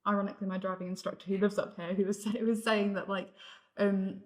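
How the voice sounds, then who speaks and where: A woman's voice: mid-range voice, little pitch movement, fast talker. A young woman from the South of England, a guest in a casual discussion, talking hesitantly with many fillers.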